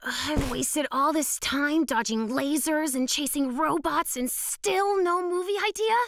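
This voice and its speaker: A woman voicing an eager female yeti filmmaker in a kids cartoon, talking in a lively, excitable way. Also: sits high, measured pace, no room sound, studio quality. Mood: excited. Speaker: cartoon character. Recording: cartoon soundtrack with music.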